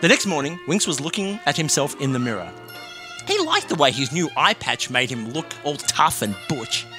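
A man telling a dark comic story deadpan and bantering as a co-host. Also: fairly high pitch, normal speed, music in the background. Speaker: comedy podcast co-host.

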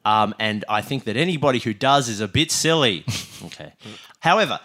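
A man's voice: mid-range voice, animated, brisk, bright, forceful tone. A man co-hosting a casual show, telling an anecdote in a hesitant way, full of restarts and chuckles. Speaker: podcast co-host.

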